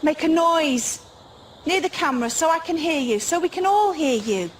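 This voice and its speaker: A woman's voice: high-pitched, expressive, moderate pace, slight background noise. A woman presenting a paranormal show, alone in the woods at night, calling out to spirits with nervous, whispering fright. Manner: nervous, jumpy, whispering often, with bursts of nervous humour.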